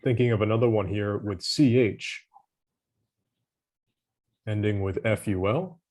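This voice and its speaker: A man's voice: on the low side, fairly even intonation, measured pace, a little mellow. A man tutoring English vocabulary over a video call, patient and encouraging, giving hints and praise. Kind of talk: online vocabulary lesson.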